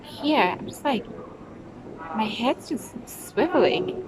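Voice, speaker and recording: A middle-aged British woman vlogging her travels talks casually to her phone, rambling, laughing, and talking to herself. Her voice is a little high and animated, she takes things slowly, and the outdoor recording is noisy with traffic.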